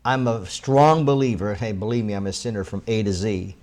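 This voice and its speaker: Male talk show host, lowish voice, casual, halting delivery with restarts. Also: a little mellow. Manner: halting, restarts and repeats words, conversational. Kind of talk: interview conversation.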